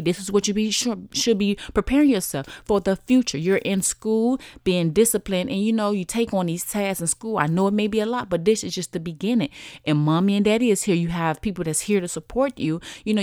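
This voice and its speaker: A woman's voice: mid-range voice, a little mellow, clean tone, no echo, clean studio sound. A woman in her thirties hosting a solo podcast, chatting in an encouraging way and talking straight to her listeners. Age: 30s. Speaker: podcast host. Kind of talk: casual solo podcast talk.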